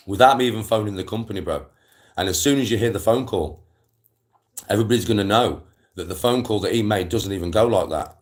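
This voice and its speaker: A man's voice: lowish voice, a little fast. A man, chatting casually on a live stream and telling rambling stories full of slang and swearing.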